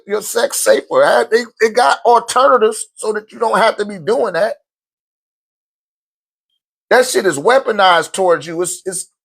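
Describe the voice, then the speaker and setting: A man with a notably high voice delivers an unscripted sermon-like monologue. He talks bluntly, swears freely and breaks into short laughs as he drives each point home to his viewers. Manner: addresses listeners directly with slang. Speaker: host of a spiritual talk channel.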